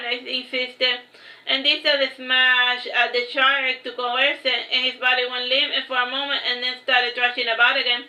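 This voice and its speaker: A woman reading her own story aloud in the first person, slow and measured. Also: high voice, little pitch movement, sharp tone. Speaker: author reading her book. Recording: echoey room, slightly dull sound.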